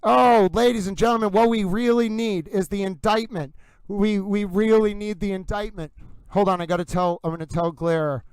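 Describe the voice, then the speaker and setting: A man hosting a live commentary stream, excitedly reacting in real time and constantly addressing his viewers as "ladies and gentlemen.". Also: sits high, moderate pace, clear, resonant tone, no echo, low-quality recording. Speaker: livestream host.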